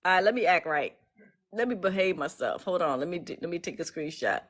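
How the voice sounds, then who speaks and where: A woman's voice: on the low side, lively intonation, fairly quick, a bit bright. A woman speaking, casually chatting to her followers on a livestream, emotional and full of restarts. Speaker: legal educator streaming live.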